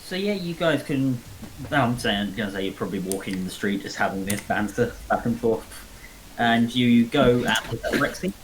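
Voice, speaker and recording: A man narrating as dungeon master in a casual game on a voice call, relaxed and swearing now and then. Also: medium pitch, moderate pace, noisy background. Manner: laid-back, laughing, swears casually.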